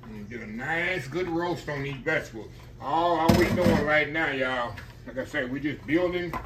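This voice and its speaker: A home cooking channel host talks his viewers through a relaxed demo from his kitchen, calling them y'all in a folksy, chatty way. His voice is mid-range, with background noise present.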